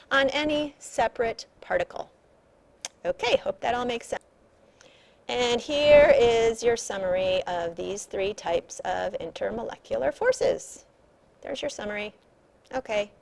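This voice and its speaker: A woman's voice: on the high side, vocal fry. A woman chemistry teacher explaining slides in a recorded lecture, patient and repetitive, stressing key points.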